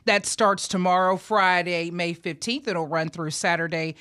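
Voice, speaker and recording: A woman hosting a casual radio show, bubbly and quick to laugh. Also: on the low side. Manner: bubbly, giggly, animated. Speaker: radio host.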